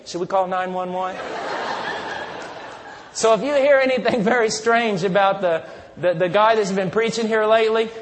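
A man's voice: high-pitched, long reverb tail, a little hiss or hum. A man preaching a sermon in a church, talking in a conversational, folksy way.

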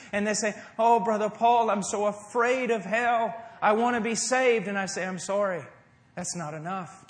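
A middle-aged man from the United States preaching a sermon to a congregation, moving between loud emphasis and hushed, tender passages. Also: a little high, slight background noise. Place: church service before a congregation. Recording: echoey hall.

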